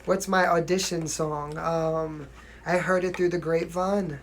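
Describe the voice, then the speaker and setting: A man's voice: a little high, fairly even intonation, a little slow, slight background noise. A young man from New York with a mild New York accent, chatting casually on a livestream as a singer answering viewer questions, often asking "you know what I mean" and laughing.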